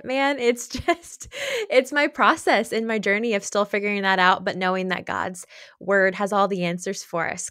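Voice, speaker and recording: A woman's voice: medium pitch, a bit bright, no echo, studio quality. A woman speaking earnestly and openly as a guest in an interview, with light laughs between thoughts. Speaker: podcast guest, author. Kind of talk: candid conversational interview.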